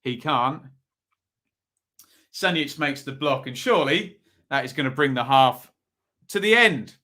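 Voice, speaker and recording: East anglian guy doing live footy watch-along commentary, bright clear voice, chatty with the chat. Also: mid-range voice, lively intonation, measured pace. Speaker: football watch-along host.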